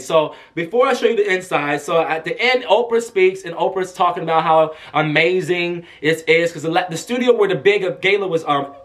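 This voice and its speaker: A man telling an excited storytime vlog, animated, breaking into shouts as he talks. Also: on the high side. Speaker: vlogger.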